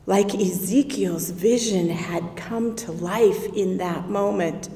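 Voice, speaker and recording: A woman's voice: mid-range voice, a little mellow. A woman playing a grieving, awestruck sister telling her story in a first-person monologue, slipping into whispers at tense moments. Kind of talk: first-person dramatic monologue in a worship service. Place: church sanctuary. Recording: echoey church hall.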